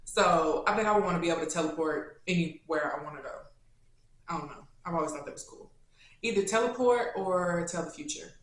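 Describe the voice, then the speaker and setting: A woman with a Kentucky accent, answering viewer questions in a casual, animated, slangy chat. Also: fairly low pitch, brisk. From Louisville, Kentucky. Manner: chatty and animated, with slangy asides. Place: indoors, sit-down video setup. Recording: very echoey room.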